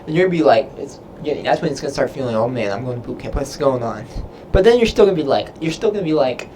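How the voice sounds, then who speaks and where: Rambling young man, slightly high voice. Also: background noise. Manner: rambling, filler-heavy, loses his train of thought. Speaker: Navy sailor answering viewer questions. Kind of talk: casual livestream Q&A.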